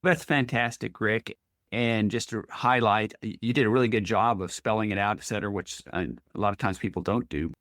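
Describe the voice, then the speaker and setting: A man's voice: lowish voice, steady tone, a little fast, a bit bright, dry recording, clean studio sound. A man hosting a podcast interview, speaking earnestly and encouragingly as he sums up his guest's points. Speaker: podcast host. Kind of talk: casual interview chat.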